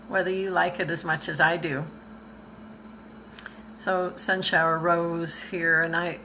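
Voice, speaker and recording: An older woman from Canada talks unhurriedly to her live-stream viewers with a gravelly edge. Her voice sits a little low but sounds bright, and she rambles on cheerfully, laughing easily. It sounds like a computer mic. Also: slight background noise, rough recording. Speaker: visual artist hosting a live stream. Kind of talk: casual live-stream talk.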